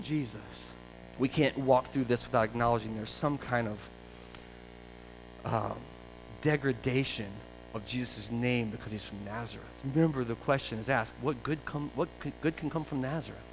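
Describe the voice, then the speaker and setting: A man pastor preaching a sermon in a conversational, animated storytelling way. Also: mid-range voice, moderate pace, slight background noise, poor audio.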